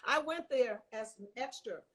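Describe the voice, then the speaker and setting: An older woman telling lively stories in a casual chat, acting out the people she quotes. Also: fairly high pitch, moderate pace. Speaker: guest.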